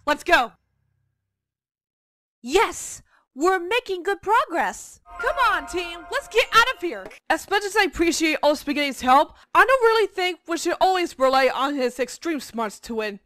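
A woman's voice: very high-pitched, big pitch swings, measured pace, pushed and bright, dry recording, studio quality, exaggerated voice. A woman in her twenties playing an upbeat, bossy young team leader on a cartoon survival show, peppy and commanding as she rallies her team. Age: 20s. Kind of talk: cartoon dub acting.

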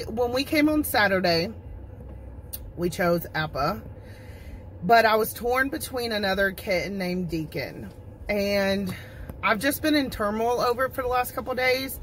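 A middle-aged woman, vlogging casually and cooing at cats in a high sing-song voice while talking through a face mask indoors. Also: moderate pace, a little hiss or hum. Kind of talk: casual vlog chat. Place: indoor cat shelter room. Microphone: handheld camera, talking through a face mask.

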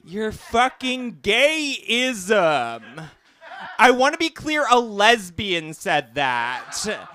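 A man's voice: high-pitched, huge pitch swings, drawn-out words, sharp tone, slight background noise. A man performing a live stand-up set in a small cafe, self-mocking and exasperated, drawing out his lines. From Portland, Oregon. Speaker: stand-up comedian.

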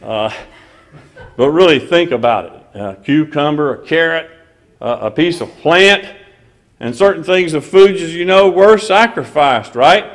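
Emphatic preacher, man with raised pitch. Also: expressive, a little slow, rough recording. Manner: emphatic, hesitant "uh" fillers, banter with the audience. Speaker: preacher at a lectureship. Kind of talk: conversational sermon with scripture reading.

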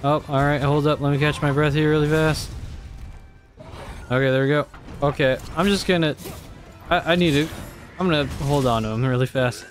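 A man's voice: a little high, fairly even intonation, moderate pace, pauses often, faint music behind. Swearing young man reacting to gameplay. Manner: exasperated, swears a lot, talks to himself. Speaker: gamer. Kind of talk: live gameplay commentary.

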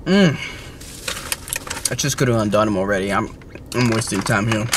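Lively man vlogging on a toy hunt. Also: mid-range voice, moderate pace, pauses often, noisy background. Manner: animated, swears and laughs, mixes in Spanish words. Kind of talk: casual vlog.

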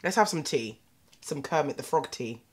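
A young British woman vlogging at home, talking straight to the camera in a sassy, animated rant. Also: sits low, moderate pace, slight background noise. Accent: British English. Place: indoors at home.

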